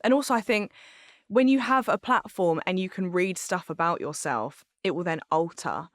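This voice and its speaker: A woman's voice: fairly low pitch, moderate pace, dry recording. A woman, chatting candidly as a podcast guest in a studio, rambling with fillers. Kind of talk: casual chat.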